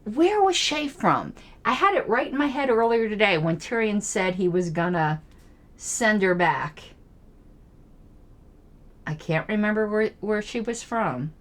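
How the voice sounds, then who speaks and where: A woman's voice: mid-range voice, animated, unhurried. A woman hosting her own channel, rambling through a casual discussion of a TV episode, laughing often and thinking aloud as she tries to recall names. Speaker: political commentary channel host.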